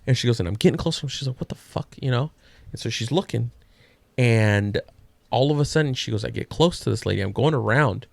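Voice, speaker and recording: A man's voice: mid-range voice, a little fast, vocal fry, dry recording. A man co-hosting a podcast, telling a story in a loose, profane, slangy way. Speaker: podcast co-host. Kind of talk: casual storytelling.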